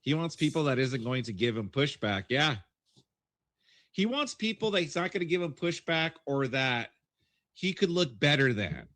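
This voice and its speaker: A man's voice: medium pitch, big pitch swings, normal speed, a bit bright, no room sound. A man streaming and reacting to a clip with sarcastic, mocking commentary. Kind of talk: casual chat.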